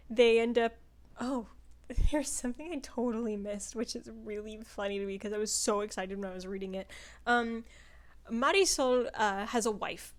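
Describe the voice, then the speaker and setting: A young woman in casual chat, reviewing a book in a rambling way with lots of fillers. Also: fairly high pitch. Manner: chatty, rambling, full of "like" and "um" fillers.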